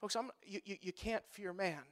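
A man preaching as a pastor, swinging between hushed lines and loud, pleading outbursts, with emphatic repeated phrasing. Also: high voice, moderate pace. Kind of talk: preaching a sermon.

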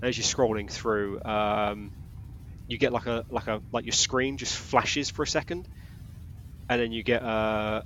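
A man's voice: fairly low pitch, fairly bright tone, muffled recording, slight background noise. A man running a tabletop role-playing game as game master, narrating in a rambling, casual way. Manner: rambling, casual, full of fillers.

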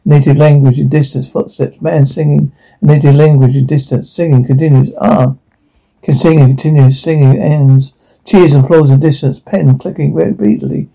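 Male audio describer with a fairly high, husky voice who reads terse sound cues plainly. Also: steady tone, moderate pace, dark tone, rough recording. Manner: terse, matter-of-fact reading of sound cues.

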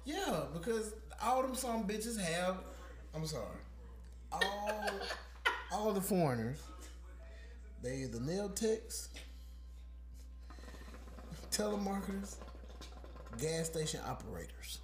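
A man's voice: high-pitched, lively intonation, slow, long pauses, echoey room, faint music behind. A man hosting a podcast in casual chat, ranting with lots of profanity and laughter. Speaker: podcast host.

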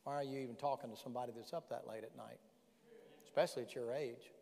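A man preaching a sermon as pastor, folksy and animated, firing rhetorical questions at the congregation. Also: medium pitch, quick pace, creaky. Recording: long reverb in a large hall.

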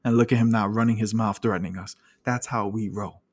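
A man's voice: lowish voice, a little fast, a little hiss or hum. A man with a New York accent hosting a podcast, joking and teasing his co-hosts in casual banter. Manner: joking, teasing, animated storytelling. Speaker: podcast host.

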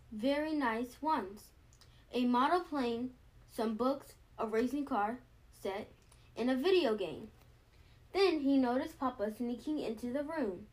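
A woman reads a children's picture book aloud at a steady pace. Her voice sits fairly high, and she stumbles and restarts a word now and then. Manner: steady reading with small slips and restarts. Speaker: storybook reader.

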